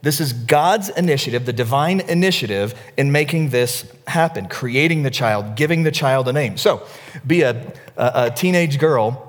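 A middle-aged male pastor preaching a sermon, telling stories with energy, dropping to a hush and then rising to near shouts. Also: medium pitch, normal speed, in a large hall. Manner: storytelling, animated, swings from hushed to near-shouting.

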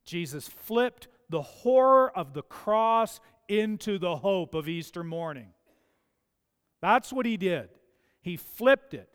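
A man preaching a sermon, emphatic and building to forceful peaks. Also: a little high. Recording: long church hall reverb.

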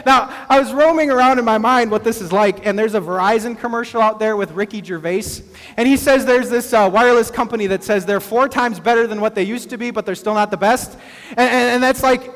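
A man preaching a sermon as pastor, talking in a conversational way with asides and quick acted-out quotes. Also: very high-pitched. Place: church sanctuary. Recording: long reverb of a large hall.

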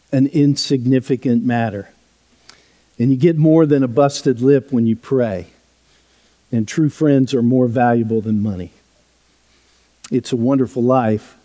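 A male pastor preaching a sermon in a church, telling a story in a conversational way that drops softly at times. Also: mid-range voice. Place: church sanctuary. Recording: long hall reverb.

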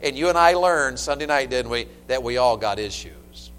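A middle-aged man preaching a sermon in a church, emphatic and story-driven, swinging from loud peaks to hushed asides. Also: mid-range voice, animated, moderate pace, smooth. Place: church sanctuary. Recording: echoey church hall.

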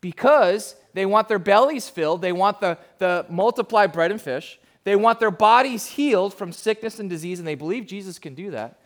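High-voiced man preaching a sermon. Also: lively intonation, normal speed, few pauses. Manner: emphatic, conversational preaching. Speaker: pastor.

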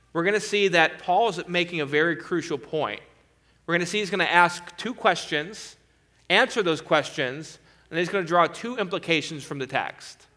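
A man's voice: fairly high pitch, fairly bright tone. A man preaching a sermon, earnestly and emphatically walking his listeners through a passage of scripture.

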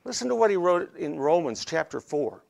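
A man's voice: fairly high pitch, very animated, normal speed, vocal fry. A man preaching an expository sermon in a folksy, conversational way, often checking in with his listeners. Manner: folksy, conversational, frequent "okay?" check-ins.

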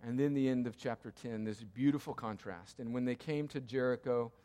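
A man preaching a sermon as pastor, emphatic and repetitive, swinging from loud cries to hushed, quiet passages. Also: medium pitch, brisk. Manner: emphatic, repeats key lines, swings between loud cries and hushed tones. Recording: long hall reverb.

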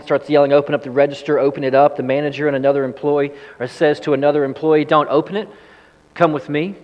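Preaching man in a reverberant hall. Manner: storytelling, acts out quoted pleas with rising pitch. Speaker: pastor. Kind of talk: sermon. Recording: long reverb of a large hall.

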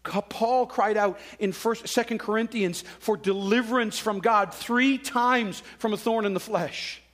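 A man's voice: sits high, a little slow, a bit bright. A man preaching a sermon in a conversational way, acting out quoted voices. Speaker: pastor.

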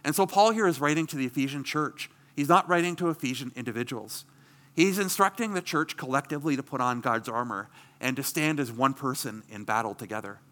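A man's voice: mid-range voice, fairly quick, bright, forceful tone. A middle-aged man preaching a sermon as pastor, earnest and emphatic, asking rhetorical questions.

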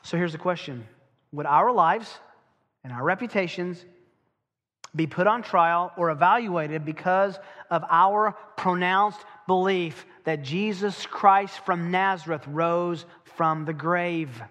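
A man preaching a sermon. He is emphatic, asks rhetorical questions, and slows down to stress key phrases. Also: high voice, bright, forceful tone, big-room sound.

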